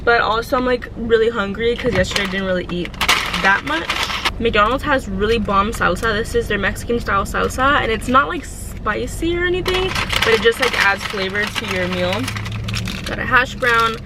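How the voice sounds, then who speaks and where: A woman's voice: on the high side, lively intonation, moderate pace, heavy background noise. A young woman in her twenties chatting casually to her vlog audience, rambling with lots of fillers. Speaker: vlogger.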